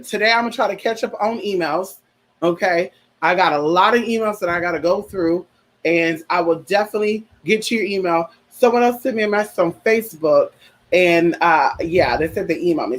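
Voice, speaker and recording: A man's voice: high voice, animated, fairly quick, fairly bright tone, low-quality recording. A man hosting a casual livestream chat, sassy and chatty, calling his listeners honey and girl, and turning earnest and heartfelt when he talks about grief. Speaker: livestream host.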